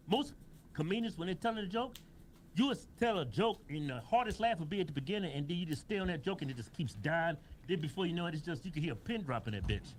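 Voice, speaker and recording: A man co-hosting a casual talk show, excitable and emphatic, laughing loudly. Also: on the high side, slight background noise. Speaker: co-host. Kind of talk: casual banter.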